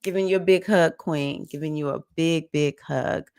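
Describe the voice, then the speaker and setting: Steady and somewhat dark in tone, this low-voiced woman talks at a moderate pace over clean, echo-free studio sound. She's an astrology reader on a casual livestream, chatty and emotional, naming viewers as she covers the week ahead.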